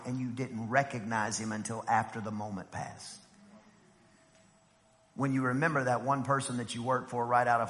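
Guy preaching a sermon, bright ringing voice, goes from hushed to shouting, big echoey church hall. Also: mid-range voice. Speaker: pastor.

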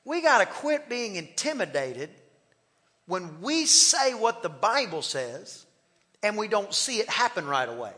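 A man's voice: sits high, very animated, unhurried, pushed and bright, big-room sound. A male pastor preaching a sermon, emphatic and repetitive, building to rhythmic declarations. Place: church sanctuary.

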